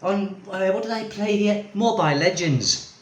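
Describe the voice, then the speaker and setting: A man's voice: sits high, normal speed. A man vlogging as an expat, ranting casually to camera in a rambling, exasperated way full of tag questions. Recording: echoey room.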